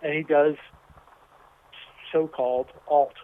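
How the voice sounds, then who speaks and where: A man from Washington, D.C., speaking in a measured, reflective way in an interview. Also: fairly high pitch, fairly even intonation. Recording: thin phone-like sound.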